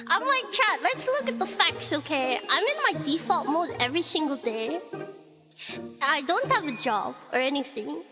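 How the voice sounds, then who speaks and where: A young woman streamer telling a story in casual chat, animated and giggly with lots of filler likes. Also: sits high, normal speed. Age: young adult. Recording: background music under voice.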